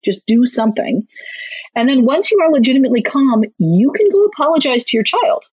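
A woman's voice: high-pitched, sing-song, fairly quick, darkish tone, breathy edge, no room sound. A woman and parenting author, explaining emphatically and chattily in an interview. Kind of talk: conversational advice interview. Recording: slightly muffled recording.

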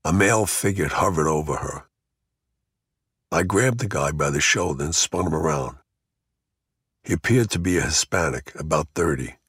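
A man's voice: a bass voice, a bit bright, husky, no echo, studio quality. A man narrating a first-person crime memoir in a blunt, gritty way, swearing freely. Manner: gritty, blunt storytelling with profanity.

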